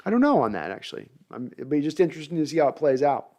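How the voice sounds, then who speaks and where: A man's voice: a little high, big pitch swings, very fast, a little mellow. A man hosting a live sports talk show, reading viewer comments and analyzing players in a conversational, thinking-aloud way. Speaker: podcast host.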